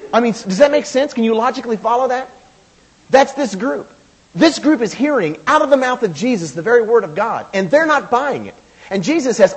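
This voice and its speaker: Casting: husky-voiced male pastor, high, lively delivery, emphatic sermon style. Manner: animated, emphatic preaching with quotes and asides.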